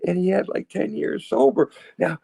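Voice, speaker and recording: A man's voice: sits high, normal speed, gravelly, mellow, husky, no room sound. A man in his sixties from south of Boston, telling his recovery story in a candid, rambling way and often checking in with "right?" and "you know". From south of Boston, USA. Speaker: guest sharing recovery story.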